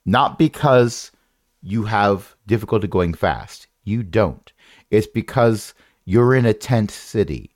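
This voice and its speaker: Man, game master, low voice, very lively pitch, wry rambling, dry sound. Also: slow, no echo. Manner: rambling, self-correcting, wry. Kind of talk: narrating a tabletop game.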